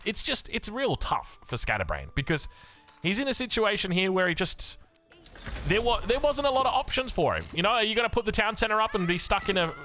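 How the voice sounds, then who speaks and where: An Australian man giving excitable, chatty live commentary on a strategy game as caster, with joking asides. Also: sits high, slight background noise. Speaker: esports caster.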